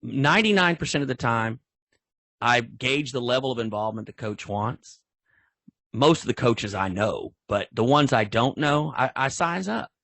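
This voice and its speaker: A man's voice: medium pitch, expressive, normal speed, gravelly, fairly bright tone, dry recording. An older man, a football official telling stories in a folksy, rambling way with many restarts. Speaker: football official, guest speaker. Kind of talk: storytelling in an online training talk.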